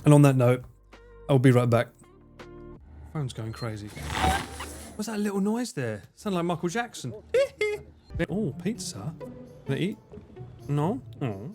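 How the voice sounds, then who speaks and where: A man's voice: on the high side, big pitch swings, unhurried, long pauses, loud music behind the voice. An English man chatting casually on a live stream while gaming, swearing freely and laughing often. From England.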